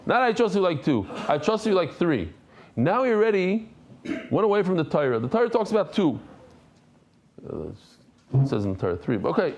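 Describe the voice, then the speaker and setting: A middle-aged man, a rabbi, teaching a daily Talmud class in an animated, conversational way, mixing Hebrew and Aramaic terms into his English. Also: sits high, brisk, pauses often, a little hiss or hum. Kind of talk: lively Talmud lesson.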